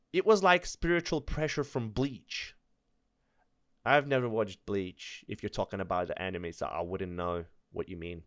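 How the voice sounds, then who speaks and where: In a clean, studio-quality recording without echo, a man of medium pitch and slightly bright tone reads creepy online stories. He's nervous and stumbles at times, stopping between passages for laughs and jokes.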